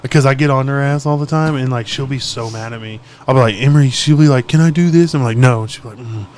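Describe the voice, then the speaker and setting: A man's voice: mid-range voice, quick pace, slight background noise. A man in casual podcast chat, telling profane stories and acting out the quotes. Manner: profane, animated storytelling with acted-out quotes.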